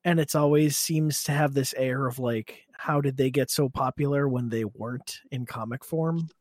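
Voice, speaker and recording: A man's voice: mid-range voice, fairly even intonation, darkish tone, dry recording, clean studio sound. A man hosting a casual podcast chat, often laughing between remarks. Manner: slow talker who laughs often.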